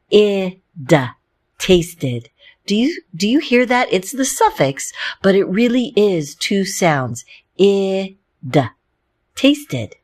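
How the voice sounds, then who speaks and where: This woman teaches a phonics lesson at an unhurried, deliberate pace. Her voice sits a little low, and she sounds out each letter slowly and clearly. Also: a little mellow.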